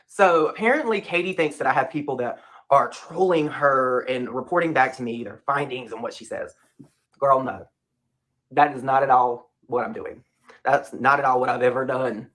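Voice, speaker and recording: A man's voice: mid-range voice, normal speed, fairly bright tone. A man speaking off the cuff as a commentary YouTuber, emphatic and repeating his points. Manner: casual, emphatic, repeats himself.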